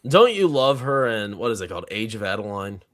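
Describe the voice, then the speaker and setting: A man hosts a casual panel chat, rambling and chuckling as he goes. His voice sits low but moves in a lively way. The sound is dry and close. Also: a little fast, no room sound. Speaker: panel host.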